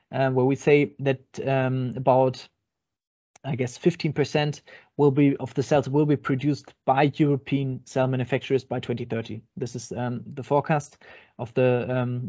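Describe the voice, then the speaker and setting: A man's voice: mid-range voice, dark tone. A man giving an online webinar presentation, explaining slides hesitantly with many ums and uhs. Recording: dull lo-fi webinar audio.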